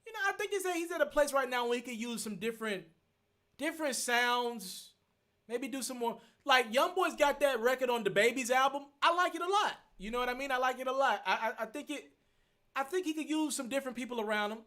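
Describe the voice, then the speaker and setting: A man hosting a live stream, thinking out loud as he works through viewer questions. His voice sits high and sounds bright and forward. He restates his points as he goes and stays earnest. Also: lively intonation, brisk. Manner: thinks aloud, repeats himself, earnest. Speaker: host.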